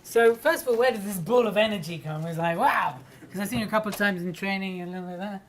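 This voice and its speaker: A woman's voice: mid-range voice, racing, slight background noise. Woman giving speech feedback, upbeat and direct, light clicks behind. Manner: lively, animated, direct. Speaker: judge and trainer. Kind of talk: spoken feedback to a speaker.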